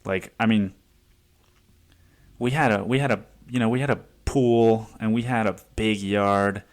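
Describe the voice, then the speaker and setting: A man's voice: lowish voice, steady tone, unhurried. A young man hosting a solo podcast, telling stories in a rambling, profane way with many restarts. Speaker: podcast host. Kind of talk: casual solo monologue.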